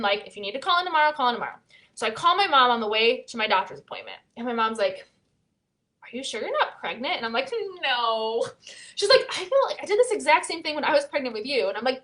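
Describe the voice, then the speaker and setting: A woman, hosting a podcast and telling her own story in a chatty, animated way, laughing often and saying "like" a lot. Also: on the high side. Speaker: podcast host. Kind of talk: personal storytelling monologue.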